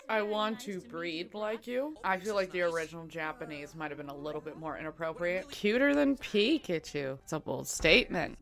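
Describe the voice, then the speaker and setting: A young woman casually commenting while she watches a cartoon, chatty and amused, talking back to the screen. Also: mid-range voice. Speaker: reaction vlogger.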